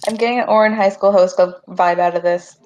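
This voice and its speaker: A woman's voice: mid-range voice, fairly even intonation, fairly quick, darkish tone, slight background noise. A woman player in a tabletop game, casually narrating what her character does. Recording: dull lo-fi recording.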